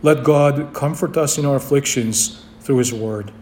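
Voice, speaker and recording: A man's voice: mid-range voice, a little slow, darkish tone, a little hiss or hum. A man preaching a sermon to his congregation, emphatic and repeating key phrases. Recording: echoey room.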